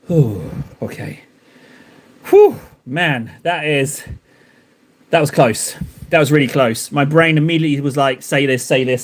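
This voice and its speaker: A young man hosts a live stream and chats with his viewers while he paints miniatures. His voice sits a little high and swings widely in pitch. He teases his chat with playful, mock-dramatic flair.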